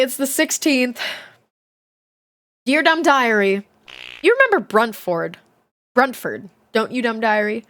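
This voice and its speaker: A woman's voice: on the high side, a bit bright. A young woman streamer reading a children's book aloud, chatty and giggly, breaking off to comment and swear casually. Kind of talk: casual livestream reading and chat.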